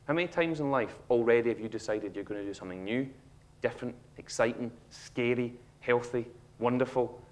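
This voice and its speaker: On an auditorium stage, a Scottish man in his thirties gives a humorous motivational talk, acting out a child's lines through animated storytelling. His voice is mid-range.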